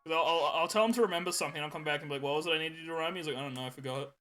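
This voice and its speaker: A man's voice: a little high, very fast, pushed and bright, faint music behind. A young man co-hosting a podcast, telling rambling stories in casual chat and laughing often. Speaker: podcast co-host.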